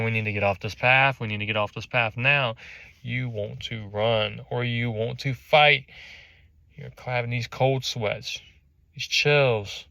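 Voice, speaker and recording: A man's voice: mid-range voice, creaky, no echo. A man telling a motivational story in the second person and acting out the scenes with animation. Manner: animated, acts out scenes vividly. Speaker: motivational speaker.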